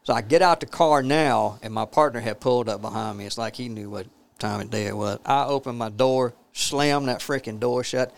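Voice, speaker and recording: A man's voice: medium pitch, steady tone, moderate pace, gravelly, hardly any pauses. A man who used to be a police officer, telling a profane story. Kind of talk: casual storytelling.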